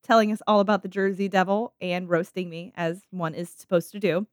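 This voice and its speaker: A woman's voice: medium pitch, steady tone, fairly quick, no echo, clean studio sound. Playful joking woman podcast host. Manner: playful, joking, laughing often. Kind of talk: casual podcast chat.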